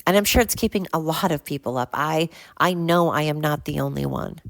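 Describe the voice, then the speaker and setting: A woman's voice: deep voice, fairly quick, creaky, no room sound. An older woman hosting a solo podcast, ranting bluntly and swearing often as she talks. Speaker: podcast host.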